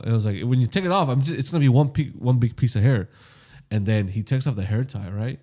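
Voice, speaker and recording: A man co-hosting a casual podcast, telling a long story with lots of swearing, swinging between loud and quiet. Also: mid-range voice, fast talker. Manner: profane, animated storytelling that swings loud and soft. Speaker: podcast co-host.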